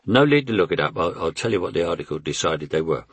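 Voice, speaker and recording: Gravelly older Cockney man reading. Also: low-pitched, animated, quick pace, no room sound. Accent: London Cockney. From England. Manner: wry, conversational storytelling. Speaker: author reading his memoir. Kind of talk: audiobook memoir narration.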